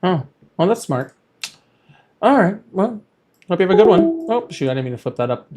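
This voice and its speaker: A man's voice: sits high, very animated, normal speed, background noise. A man hosting a live political call-in stream, blunt and dismissive with callers and thinking aloud between calls. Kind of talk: casual live call-in chat.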